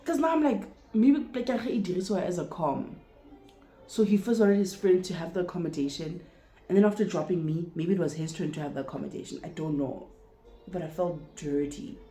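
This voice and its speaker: Lively South African woman telling a story. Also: fairly low pitch, a little fast, echoey room, faint music behind. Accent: South African, Sesotho-speaking. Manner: animated, swears freely, acts out both sides of the story. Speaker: vlogger. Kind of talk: casual storytime monologue.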